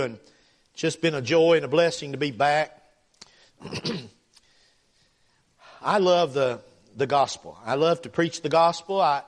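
A middle-aged man, a guest preacher who prays and tells folksy stories in a sermon. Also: fairly high pitch. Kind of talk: sermon with prayer and storytelling.

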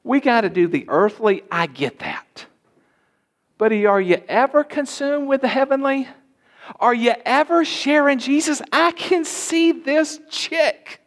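A man preaching a sermon in a church, emphatic and at times rising to shouts. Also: extremely high pitch, lively intonation, unhurried. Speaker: pastor.

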